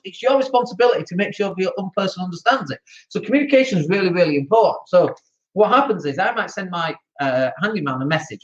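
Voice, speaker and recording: An excitable Northern English man hosting a podcast, talking casually about running rental properties with mock outrage. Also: high voice, lo-fi sound. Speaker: podcast host, landlord. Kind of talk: animated casual talk.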